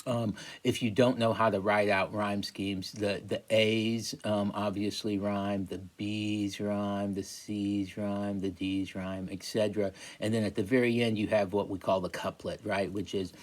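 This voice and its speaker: A man lecturing a class, halting, with many fillers and restarts. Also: on the low side, level tone. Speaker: teacher.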